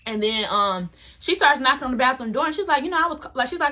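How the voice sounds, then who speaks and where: Animated young woman telling a story. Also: high-pitched, fast. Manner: animated, dramatic, slangy. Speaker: vlogger. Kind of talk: storytime vlog.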